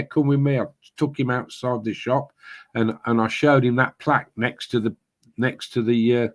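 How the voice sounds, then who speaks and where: A man spinning a long, wandering story over a video call. He acts out the other people's lines as he goes, and his pitch sits right in the middle for a man. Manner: rambling storyteller, acts out quoted voices. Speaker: party candidate.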